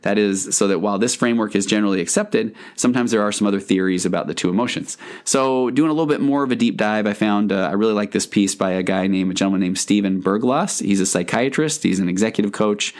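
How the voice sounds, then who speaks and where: A man's voice: lowish voice, fast talker, few pauses. A man hosting a podcast as a counselor, talking in an earnest, conversational and meandering way. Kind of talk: podcast monologue.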